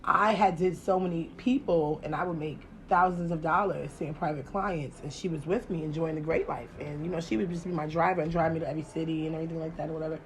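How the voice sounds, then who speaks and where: A woman's voice: sits low, fairly even intonation, quick pace, few pauses, a little hiss or hum. A woman, telling a podcast story. She talks casually and profanely, full of slang. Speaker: podcast host.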